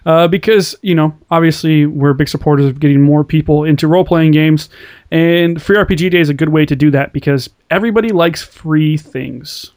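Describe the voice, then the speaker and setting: A man's voice: on the high side, fairly quick, a little mellow. A man co-hosting a casual podcast, upbeat and jokey, rambling through show plugs. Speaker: podcast co-host.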